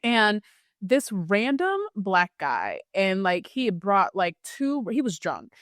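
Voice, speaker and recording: A young woman co-hosting a podcast, chatting casually and telling stories in an animated way, jumping up high when she quotes herself. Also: slow pace, dry recording, clean studio sound. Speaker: podcast co-host. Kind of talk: casual chat.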